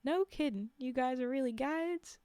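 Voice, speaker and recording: A woman's voice: high voice, moderate pace, smooth, dry recording, pitched above the performer's own voice, lightly acted. Woman putting on a brash Alabama tourist hunter. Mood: eager. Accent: attempted Alabama drawl. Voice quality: loud, folksy, ungrammatical. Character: brash American tourist hunter man, eager.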